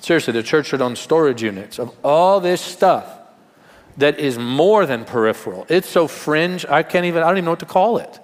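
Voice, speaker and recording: A man's voice: fairly high pitch, lively intonation, brisk. Man preaching in a reverberant hall. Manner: conversational preaching with rhetorical questions and humor. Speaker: pastor. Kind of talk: sermon.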